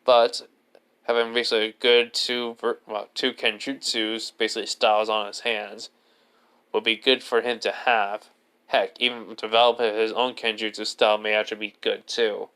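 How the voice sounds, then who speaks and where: A man's voice: lowish voice, level tone, normal speed, bright, forceful tone, smooth. A man voicing a wary adult male swordsman, in a rambling way with fillers and restarts. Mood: assessing.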